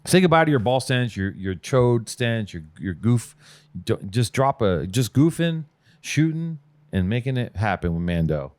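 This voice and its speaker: A man's voice: medium pitch, very animated, measured pace, a little mellow, dry recording. A man hosting a podcast, reading ads in a brash, profane, joking riff. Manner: brash and profane, riffing jokes. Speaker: podcast host. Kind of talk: casual podcast ad read.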